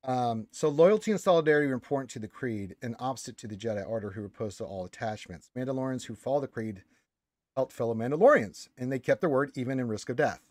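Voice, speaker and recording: A man's voice: mid-range voice, lively intonation, fast talker, a little mellow, no echo, studio quality. Man explaining lore at length. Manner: explains at length, reads notes aloud, many restarts. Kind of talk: casual fan discussion.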